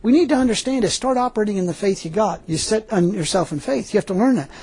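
An older man giving an informal, folksy sermon, laughing often and growing animated as he preaches. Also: high-pitched, quick pace, slightly rough.

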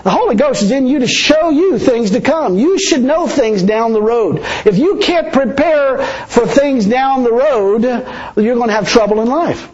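A man's voice: extremely high pitch, animated, measured pace. A man preaching a sermon as pastor, chuckling often and repeating words for emphasis. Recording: dull lo-fi recording.

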